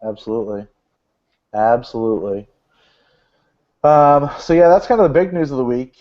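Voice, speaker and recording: A man's voice: mid-range voice, expressive, normal speed. Rambling man on a lo-fi podcast. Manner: rambling, joking, many fillers. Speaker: podcast host reading gaming news. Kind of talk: casual podcast chat. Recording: dull lo-fi podcast audio.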